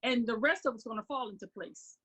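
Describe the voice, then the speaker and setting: Breathy supportive woman. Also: a little high, fairly quick, fairly bright tone. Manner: supportive, affirming. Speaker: participant on a group call.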